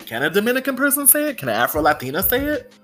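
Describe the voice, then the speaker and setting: A woman's voice: on the high side, very animated, racing, a bit bright, faint music behind. A woman hosting a solo podcast, talking candidly and with plenty of swearing, often saying "you know" and "right?". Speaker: podcast host.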